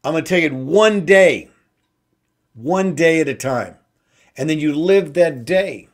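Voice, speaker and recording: Male inspirational host, unhurried and emphatic, speaks a little higher than most men. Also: lively intonation. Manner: slow, emphatic, repeats key phrases. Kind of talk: inspirational talk show monologue.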